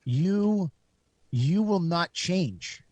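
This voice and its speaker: A man with a high, dry-sounding voice argues hard on a talk radio panel. He is blunt and swears freely. His voice is close on the mic with no room sound. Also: animated, very slow, darkish tone, no echo. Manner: profane, blunt, worked up. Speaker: radio show co-host. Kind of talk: heated studio banter.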